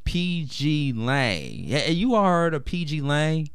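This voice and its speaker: A man's voice: on the high side, big pitch swings, slow, fairly bright tone. A man hosting a casual group podcast, sharing news items and steering the chat back on topic. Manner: laughs often, steers the talk back on topic. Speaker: host.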